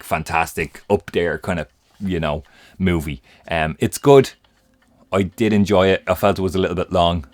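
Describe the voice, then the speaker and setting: Very deep-voiced man chatting casually. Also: dry recording. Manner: chatty, keeps addressing viewers as guys. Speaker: disc review channel host. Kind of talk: casual home-video review. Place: room at home.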